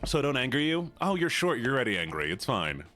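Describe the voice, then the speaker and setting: A man's voice: big pitch swings, fast, sharp tone. Guy streaming, teasing chat, voice bouncing all over, bit of music behind. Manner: playful, teasing, squeals high when mock-upset. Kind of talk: casual live-stream chat.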